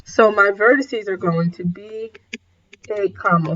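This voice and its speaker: A tired teacher explains a math problem at a whiteboard in a recorded lesson, relaxed and casual, stifling yawns. She often corrects herself and apologizes. Her middle-pitched voice moves a little slowly, and the audio is dull and lo-fi.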